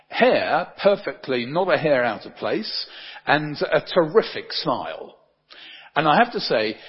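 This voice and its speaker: A man's voice: a little high, breathy edge. A man, a pastor, preaching a conversational sermon full of tag questions like "don't they?". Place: church. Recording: dull sound with long church reverb.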